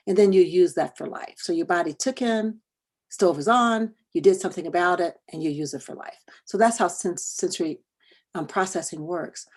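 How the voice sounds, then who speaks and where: Middle-aged woman workshop presenter, husky and fairly low, chatty storytelling to parents. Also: moderate pace, a little mellow. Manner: conversational, repeats words while telling a personal story. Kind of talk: storytelling talk to parents and educators.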